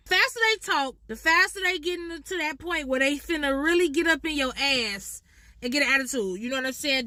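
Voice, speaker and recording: A woman with a Chicago accent, casually explaining slang in a playful, profane, animated way. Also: sits high, dry recording.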